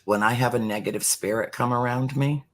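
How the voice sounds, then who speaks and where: A middle-aged speaker talking earnestly about spirituality as a podcast guest, slowing down to stress words. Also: mid-range voice, steady tone. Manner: earnest, emphatic, slows for emphasis. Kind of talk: heartfelt spiritual talk.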